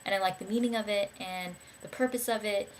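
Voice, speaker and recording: A woman's voice: mid-range voice, steady tone, fairly quick, slight background noise. A young woman talking casually to camera about books she liked, rambling and enthusiastic, with many fillers and restarts. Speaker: vlogger.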